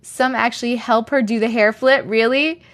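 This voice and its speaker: A woman with a Long Island accent, chatting casually on a livestream and reading viewer comments, talking in a chatty, animated way full of giggles. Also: on the high side, moderate pace. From Long Island, New York. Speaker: livestream host.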